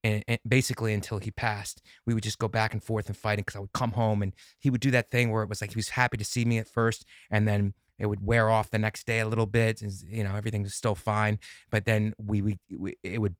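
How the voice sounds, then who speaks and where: A man's voice: on the low side, level tone, quick pace, dry recording, clean studio sound. A man in his forties, a comedian guesting on a podcast, who talks in an earnest, reflective way and often repeats his phrases. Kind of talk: casual conversation.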